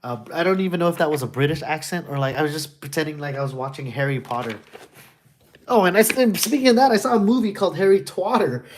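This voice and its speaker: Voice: mid-range voice, lively intonation, quick pace, slight background noise. Casual puzzle-walkthrough streamer: rambling, goofy, jokey, reads game text aloud. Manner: goofy, rambling, crude wordplay jokes.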